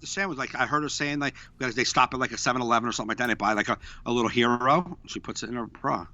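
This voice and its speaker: A young man co-hosting a podcast, telling stories in a lively way and acting out what people said. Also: medium pitch, racing, dull audio. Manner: animated storyteller, acts out quotes. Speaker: podcast co-host. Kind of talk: casual chat, storytelling.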